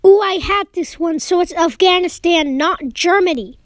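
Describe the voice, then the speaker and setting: A young woman giving casual commentary while playing a map-guessing game, excitedly talking to herself as she guesses. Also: extremely high pitch, normal speed, dry recording, clean studio sound. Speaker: game player.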